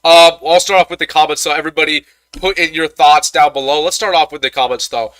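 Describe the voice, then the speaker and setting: Young man, livestream football reaction host, frustrated ranting, stammering, slightly high voice, dry close sound. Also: fairly even intonation, fast, fairly bright tone, no room sound. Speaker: sports commentator host. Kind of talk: live-stream postgame reaction.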